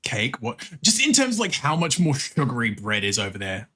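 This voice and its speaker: An Australian man talking on a livestream in relaxed, rambling chat. His pitch swings around in an animated way, and he swears casually and laughs often. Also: moderate pace. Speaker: streamer.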